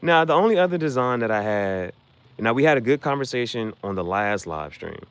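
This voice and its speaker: A man talks loosely on a livestream, walking through his shirt designs. His delivery is rambling and slangy, hopping from one thought to the next. His pitch swings widely and sits in a middle register. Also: expressive, brisk, clean tone, dry recording. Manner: rambling, slangy, jumps between topics. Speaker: streamer designing merch shirts. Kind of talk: casual livestream chat.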